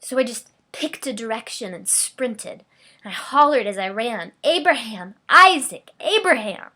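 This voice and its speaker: A grieving, remorseful ancient mother, as a woman preacher puts her on in a dramatic sermon monologue. Her voice sits a little high. She moves from hushed whispers to raw cries. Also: a little slow. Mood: frantic.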